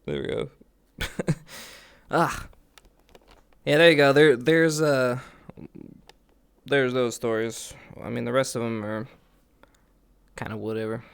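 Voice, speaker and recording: A man's voice: medium pitch, fairly even intonation, slow, vocal fry, pauses often, a bit bright, clean tone. A man live streaming, telling stories in casual chat, laughing and swearing often.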